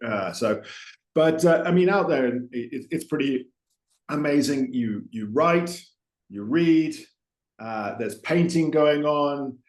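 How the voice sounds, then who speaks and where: A man's voice: a little high, animated, slow pace, darkish tone. A man hosting a podcast interview, chatty and digressive with many fillers and restarts. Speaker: podcast host. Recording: roomy echo.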